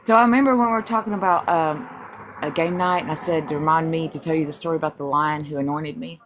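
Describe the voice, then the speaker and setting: An adult telling a personal story in a casual group chat, animated and acting out quoted lines. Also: medium pitch, fast talker, background noise.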